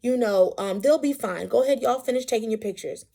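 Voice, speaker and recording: A woman's voice: on the high side, a little fast, vocal fry, warm tone. A woman voicing a kindly, reassuring great grandmother in a retold story.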